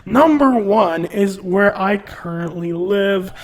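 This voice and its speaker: A man voicing a self-promoting male YouTube realtor in a slow, showy presenter tone. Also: high voice, voice pushed up. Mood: smug.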